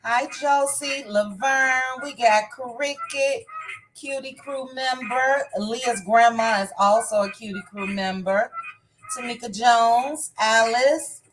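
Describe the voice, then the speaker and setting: A woman's voice: a little high, slow, background noise. A woman hosting a casual live stream, greeting viewers by name one after another. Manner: warm shout-outs, reading names one by one.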